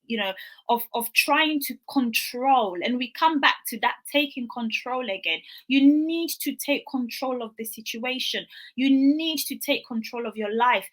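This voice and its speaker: Bright-voiced woman giving a wellness talk. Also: fairly high pitch. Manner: earnest, conversational, acts out quoted dialogue. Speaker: wellness speaker. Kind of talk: motivational talk.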